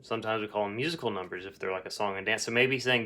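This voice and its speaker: Male English teacher, lowish voice, casual recorded lesson with ums and uhs. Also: very fast, hardly any pauses, bright, forceful tone. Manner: casual, explanatory, with fillers.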